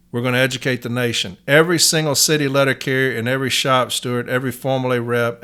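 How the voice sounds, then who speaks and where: Folksy Southern man, smooth voice. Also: medium pitch, a bit bright. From Nashville, Tennessee. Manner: blunt, folksy, uses y'all. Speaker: podcast host. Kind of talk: casual podcast monologue.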